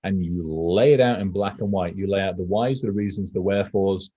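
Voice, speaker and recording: A low-voiced man with a husky, dark tone, co-hosting a casual podcast. He rambles in a profane, animated way. The sound is dry and a bit muffled. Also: fairly quick, no room sound. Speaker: podcast co-host.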